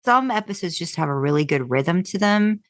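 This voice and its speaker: A woman co-hosting a podcast in a relaxed, chatty way. Her voice sits low, and it is recorded close and dry. She restarts sentences often and fills gaps with ums. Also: brisk, no echo. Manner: chatty, animated, lots of fillers and restarts; jumps into high voices when quoting. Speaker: podcast co-host. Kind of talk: casual chat.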